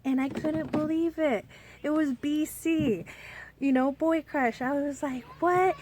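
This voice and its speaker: A woman's voice: sits high, steady tone, unhurried, mellow. A young woman telling a personal story in a casual storytime vlog, rambling with many fillers and restarts. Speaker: storyteller vlogger.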